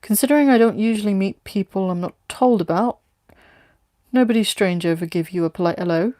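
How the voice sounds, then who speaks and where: A woman's voice: medium pitch, fairly quick, dark tone, dry recording, studio quality, lightly acted. A woman voicing a brash, taunting female hired tough from London in a read-aloud story. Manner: taunting, blunt.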